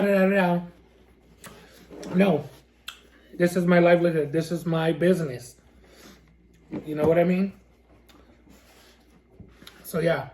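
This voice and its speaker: A woman's voice: lowish voice, a little mellow, a little hiss or hum. A woman food vlogger talking casually to camera in a sassy, ranting way and laughing often. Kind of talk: casual mukbang vlog chat.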